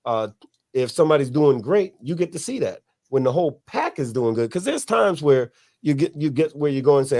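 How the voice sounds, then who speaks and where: A man's voice: fairly high pitch, sing-song, fairly quick, darkish tone. Man, motorcycle club member, casual podcast host; loose and profane storyteller.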